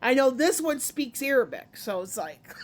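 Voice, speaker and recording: High-voiced woman rambling about games. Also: big pitch swings, normal speed. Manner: rambling, self-correcting, many fillers. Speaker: gaming video host. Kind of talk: casual opinion vlog.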